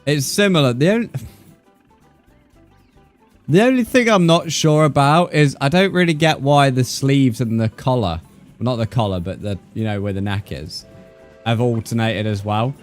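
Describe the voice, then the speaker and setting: A man's voice: medium pitch, normal speed, soft background music. A young man from the UK with a British accent, chatting casually with viewers on a live gaming stream and dropping slang like mate and bro. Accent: British English. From United Kingdom.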